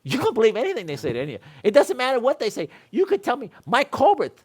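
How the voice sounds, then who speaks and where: Animated man teaching a seminar. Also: very high voice, very fast, husky. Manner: animated storytelling with laughs. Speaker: seminar instructor. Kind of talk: casual classroom talk.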